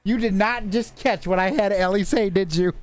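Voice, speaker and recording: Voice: medium pitch, normal speed, no room sound, soft background music. A game master narrating a tabletop game and bantering in a casual, profane, laughing way.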